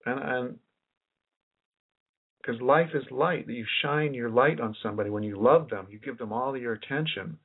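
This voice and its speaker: A man's voice: mid-range voice, moderate pace, husky. A man giving a rambling lecture as a researcher, musing aloud and often repeating and restarting his phrases. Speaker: independent researcher giving a presentation. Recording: tinny lo-fi recording.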